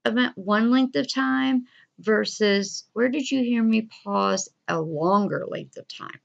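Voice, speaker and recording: A woman teacher giving a recorded reading fluency lesson, encouraging and deliberate, with expressive pauses. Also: mid-range voice, gravelly. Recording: dull lo-fi recording.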